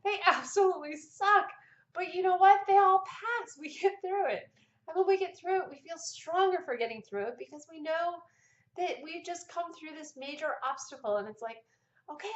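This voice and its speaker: A middle-aged woman vlogger with a high voice tells a personal story casually and animatedly, laughing now and then. Her voice rings in an echoey room, and the recording sounds a little dull.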